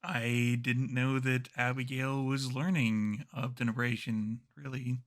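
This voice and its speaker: A man running a tabletop horror game who narrates scenes in an easygoing way. He speaks slowly at a medium pitch, with casual asides. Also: level tone. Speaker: game master.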